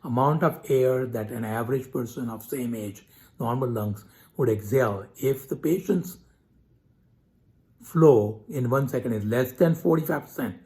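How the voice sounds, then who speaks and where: A man, a physician, giving a measured medical explainer talk and spelling out abbreviations letter by letter. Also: medium pitch, a little mellow.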